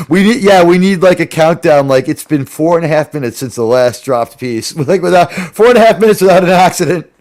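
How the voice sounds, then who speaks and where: A man with a fairly high voice trades jokes in a loose, rambling chat, breaking into laughter often. He keeps dropping into quick goofy impressions before going back to his plain voice. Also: lively intonation, a little mellow. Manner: joking, laughs often, slips into silly put-on voices. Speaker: host. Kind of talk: casual chat.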